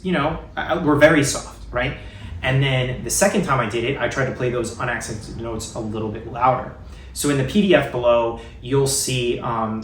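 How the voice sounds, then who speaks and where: A man talks through a drum lesson in a relaxed, rambling way, filling gaps with ums and restarting his sentences. His voice sits at a middle pitch. It sounds roomy and set back from the mic, with faint ambience behind him. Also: far from the mic, a little hiss or hum. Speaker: drum teacher. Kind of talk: casual spoken lesson.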